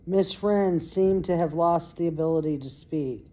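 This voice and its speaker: Slow, mellow-voiced woman reading a novel aloud. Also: fairly low pitch. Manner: unpolished read-aloud with stumbles and self-corrections. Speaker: reader.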